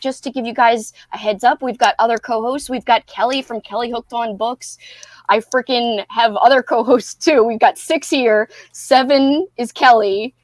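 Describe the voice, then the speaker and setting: Bubbly giggly woman with a high voice. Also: no room sound, clean studio sound. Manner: bubbly, giggly, scattered, greets chat by name. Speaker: livestream host. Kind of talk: casual group livestream chat.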